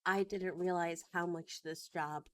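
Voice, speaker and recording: A woman's voice: lowish voice, steady tone, unhurried, a bit bright. A woman in her thirties talking earnestly in a personal vlog, at times choked up with emotion. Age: 30s. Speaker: vlogger.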